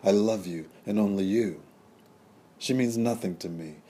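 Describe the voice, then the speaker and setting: A wealthy French sugar baron, lovesick and pleading, pouring out flowery devotion, as a man with a low voice puts him on. He speaks with a formal, romantic courtesy and sounds slightly lifted above the narrator's deep, dark tone. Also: moderate pace, breathy edge.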